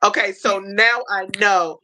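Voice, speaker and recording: A woman's voice: mid-range voice, steady tone, a little slow, pushed and bright. A woman hosting a casual livestream chat, rambling and restarting often, heartfelt and openly emotional. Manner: chatty, rambling with many restarts. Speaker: livestream host.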